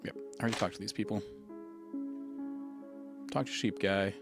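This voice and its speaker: A man's voice: fairly low pitch, steady tone, moderate pace, gravelly, over loud music. A man streaming a game live, chatting casually and thinking aloud as he plays. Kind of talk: casual gameplay commentary.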